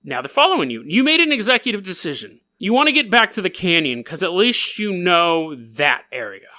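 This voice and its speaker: Animated, giggly male storyteller. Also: high voice, fairly quick. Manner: giggly and playful, laughing through lines; riffs and goes off on tangents. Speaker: podcast host. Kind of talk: comedic storytelling narration.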